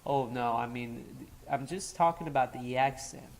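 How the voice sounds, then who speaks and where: A man's voice: mid-range voice, moderate pace. A young man from Los Angeles with a New York-sounding accent, co-hosting a casual chat, loose and rambling, trailing off with fillers. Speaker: co-host.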